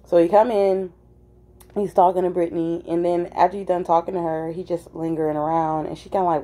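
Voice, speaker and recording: Brief: young woman, casual storyteller, slightly low, mellow tone, chatty with filler words. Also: normal speed. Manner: animated, acts out quoted voices, many "like" fillers.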